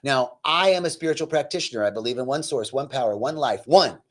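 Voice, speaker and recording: Animated, joking man giving a spiritual talk. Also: medium pitch, quick pace. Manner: animated, self-deprecating humor; conversational, lots of "right?" asides. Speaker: spiritual teacher. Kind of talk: spiritual talk with personal story.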